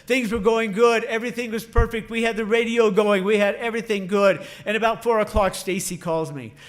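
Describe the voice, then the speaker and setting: A man's voice: high voice, a little fast. A middle-aged man, a veterinary professor, giving a humorous storytelling speech and animatedly acting out the quotes. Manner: animated, shouts and acts out quotes for comic effect.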